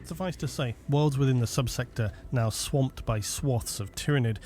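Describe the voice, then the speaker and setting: Man narrating lore in a measured tone. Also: mid-range voice, a little mellow, soft background music. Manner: measured, formal storytelling delivery. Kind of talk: scripted narration.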